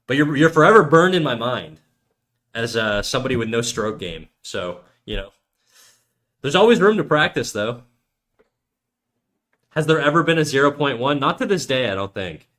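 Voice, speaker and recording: A man's voice: medium pitch, big pitch swings, normal speed, long pauses, fairly bright tone. A man from Canada, streaming while he draws and chatting casually in crude, joking banter full of swearing. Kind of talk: casual live-stream chat while drawing.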